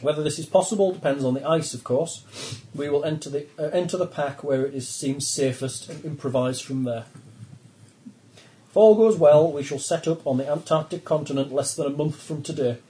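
A man's voice: a little high, a little fast, warm tone, natural voice, low-quality recording. A man voicing a professor leading a polar expedition, briefing the crew in a formal, lecturing way. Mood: measured.

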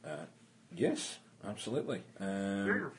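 A man running a tabletop game as game master, chatty and relaxed, narrating between dice rolls. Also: fairly low pitch, slow. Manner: relaxed, chatty, lots of asides and laughter. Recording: noisy room recording.

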